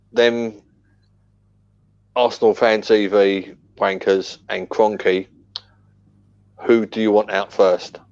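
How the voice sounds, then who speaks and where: A man co-hosting a casual football podcast, blunt and opinionated, with sweary banter. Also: fairly low pitch. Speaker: podcast co-host. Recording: dull muffled lo-fi audio.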